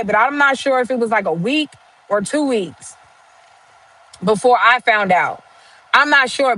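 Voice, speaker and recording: Bright-voiced woman telling a story. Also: fairly high pitch, poor audio. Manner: conversational, retells dialogue with "I was like", many fillers. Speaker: live stream host. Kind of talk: casual personal storytelling.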